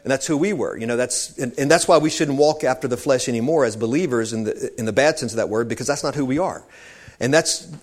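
A man's voice: medium pitch, quick pace. A man preaching an informal sermon, talking conversationally and wandering into asides, calling his listeners saints.

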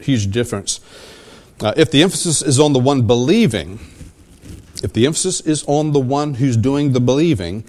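A pastor preaches a sermon verse by verse in a medium-pitched, slightly mellow voice. He often repeats and rephrases his questions to the congregation, seeking their agreement.

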